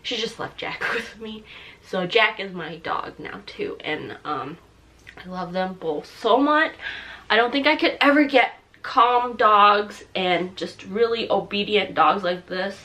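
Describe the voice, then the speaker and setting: Tearful young woman with a bright voice. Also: medium pitch. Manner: halting, emotional, many fillers and restarts. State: mucus in throat, clearing throat. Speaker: vlogger. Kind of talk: personal talk to camera.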